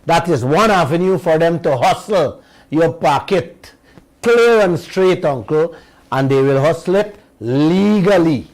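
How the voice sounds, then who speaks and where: A Guyanese man hosts a radio commentary, talking straight to his listeners. His voice sits fairly high and he takes his time, leaning hard on each point and letting it land. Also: animated, a little mellow, low-quality recording. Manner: slow, emphatic, addresses listeners directly. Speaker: radio show host. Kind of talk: political commentary monologue.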